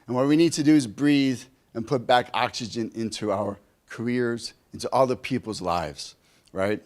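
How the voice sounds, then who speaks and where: A middle-aged man telling a personal story at a conference, animated and asking the audience questions. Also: mid-range voice, normal speed. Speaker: conference speaker. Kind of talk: motivational talk. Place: conference hall.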